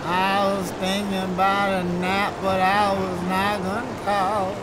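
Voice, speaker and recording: A man's voice: high-pitched, level tone, a little slow, heavy background noise. A man streaming gameplay, riffing and singing goofy lines along with the game's dialogue. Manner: goofy, riffs and sings along with the game dialogue. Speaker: gaming streamer. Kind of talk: live gameplay commentary. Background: game music.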